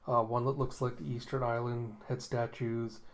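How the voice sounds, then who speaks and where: A man's voice: medium pitch, flat delivery, moderate pace. Casting: easygoing man narrating comic panels, loose and chatty, plenty of "uh" and "like". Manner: rambling, many fillers and chuckles. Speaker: manga readthrough host. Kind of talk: casual reading commentary.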